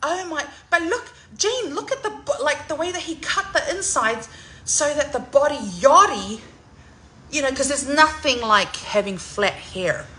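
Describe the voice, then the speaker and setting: Lady in her 40s, bright animated voice, squealing and laughing in a noisy salon. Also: high-pitched, a little slow. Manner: giddy, loud, laughing, swearing freely. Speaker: singer. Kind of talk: excited salon vlog chat.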